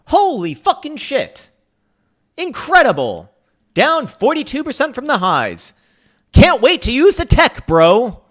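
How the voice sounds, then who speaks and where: A man putting on the voice of a gushing, clueless crypto tech-bro investor, yelling with mocking, overblown excitement. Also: extremely high pitch, pitched above the performer's own voice, full character voice.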